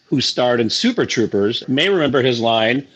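A man with a mid-range voice gives his view of a movie on a podcast. He speaks in a measured way, pausing often on fillers. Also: mid-range voice, animated, a bit bright, breathy edge, poor audio. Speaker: podcast co-host. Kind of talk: casual movie review.

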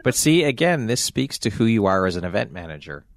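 A man's voice: on the low side, very animated, brisk, gravelly, dry recording, clean studio sound. A man hosting a podcast interview, encouraging his guest and laughing readily. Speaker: podcast host. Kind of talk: casual interview chat.

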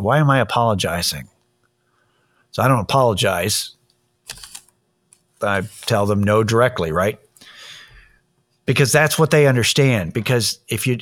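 A man talking in a casual monologue, blunt, opinionated and profane as he tells a story and gives his views. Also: mid-range voice.

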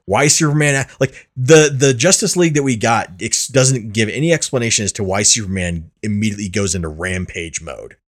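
A man's voice: fairly low pitch, fairly quick, few pauses. A man hosting a casual podcast chat, rambling and restarting his sentences, swearing freely. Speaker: podcast host.

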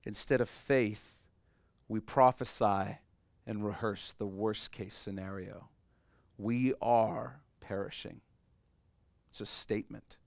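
A man preaching a sermon, explaining a passage emphatically and swinging between loud and hushed delivery. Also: fairly low pitch, fairly even intonation, a little slow, gravelly, no echo. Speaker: pastor.

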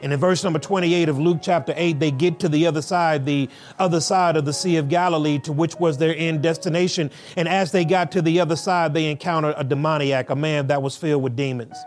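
Higher-voiced male pastor preaching. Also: steady tone, soft background music. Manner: preaching with rhythmic repetition and emphatic pauses. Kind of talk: sermon.

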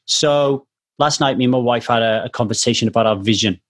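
A man's voice: medium pitch, brisk. A man hosting a casual conversation, earnestly telling a personal story in a reflective way.

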